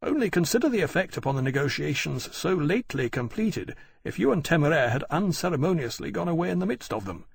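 Guy doing a stiff nervous diplomat, a bit higher, kinda husky, dry sound. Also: big pitch swings, fast, few pauses, no room sound, full character voice. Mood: worried. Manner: formal, cautionary. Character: anxious male diplomat, formal, cautious.

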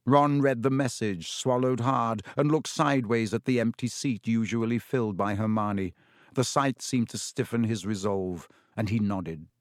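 A man at medium pitch narrates an audiobook, keeping his storytelling calm and measured. The recording is dry, with clean studio sound.

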